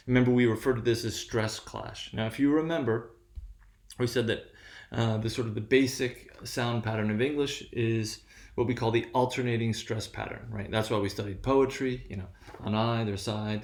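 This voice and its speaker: Man, lecturer, patient explaining, mid pitch, roomy echo. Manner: patient, explanatory, checks in with "right?". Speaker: university lecturer. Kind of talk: recorded lecture.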